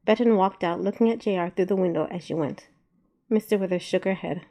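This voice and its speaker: Woman reading a storybook out loud, mellow warm tone, mid pitch, steady. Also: a little fast. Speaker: narrator. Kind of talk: storybook narration.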